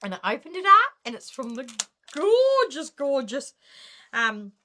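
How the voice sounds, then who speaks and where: A woman's voice: a little high, very animated, a little fast, pushed and bright. A middle-aged woman with a New Zealand accent, hosting a casual craft live stream and greeting viewers one by one by name.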